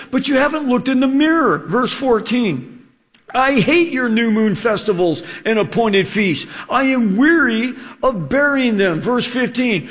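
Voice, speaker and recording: A man preaching a sermon in an animated, rhetorical way, acting out the quotes he reads. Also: extremely high pitch.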